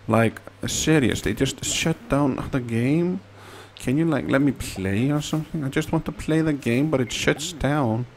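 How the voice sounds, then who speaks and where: Slow, playful man gaming. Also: mid-range voice, slight background noise. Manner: playful, rambling, sing-song repeats. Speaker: let's play gamer. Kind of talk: casual gameplay commentary.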